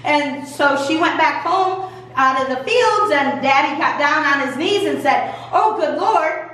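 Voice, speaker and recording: A woman's voice: high voice, a little slow, pushed and bright. Playful woman pastor telling a story. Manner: playful, folksy. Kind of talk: storytelling to children. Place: church. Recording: echoey church room from far off.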